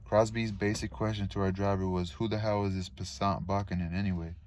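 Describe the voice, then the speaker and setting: A man's voice: low-pitched, little pitch movement, moderate pace, a little mellow, no room sound. A man reading a novel aloud in a casual, unpolished way, stumbling on words and adding asides.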